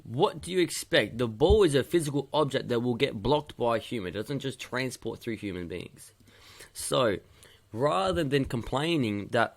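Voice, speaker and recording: Gravelly-voiced male youth coach, stern and lecturing, drills his points by repeating them. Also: mid-range voice, lively intonation, moderate pace. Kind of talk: video match feedback to players.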